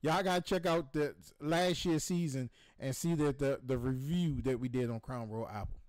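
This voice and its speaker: A man hosting a gaming stream who tells a rambling, profane story with excitement and acts out the voices in it. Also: mid-range voice, normal speed, no room sound. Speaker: show host.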